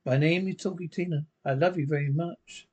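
A woman's voice: low voice, fairly even intonation, brisk, a little mellow, slightly rough. A woman voicing a talking girl doll that turns from sweet to threatening, in a sing-song recorded voice, in a classic television drama.

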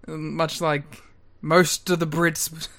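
A man's voice: a little high, level tone, very slow, vocal fry, a bit bright. A man, co-hosting a podcast in laid-back, laughing chat. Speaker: podcast co-host. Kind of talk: casual chat.

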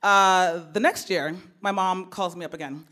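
A woman telling a personal story live on stage, animated and laughing, often repeating her words. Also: fairly low pitch, normal speed.

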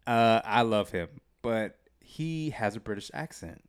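A man's voice: on the low side, lively intonation, unhurried, smooth. A man co-hosting a podcast in casual chat, joking and laughing often. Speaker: podcast co-host.

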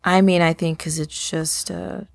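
Gravelly, low-voiced woman with dry remarks. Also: little pitch movement, a little slow, no echo. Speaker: podcast co-host. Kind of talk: casual chat.

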